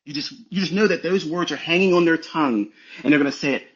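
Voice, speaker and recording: A man's voice: fairly high pitch, quick pace, dull audio. A man giving a blunt, profane motivational talk as a trading mentor on a live audio stream.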